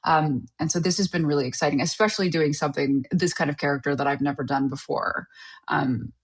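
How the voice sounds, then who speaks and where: A Canadian actor with a notably low, breathy-edged voice is the guest in a relaxed interview. She talks briskly and animatedly in a casual, conversational way, laughing often and restarting sentences as her thoughts tumble out.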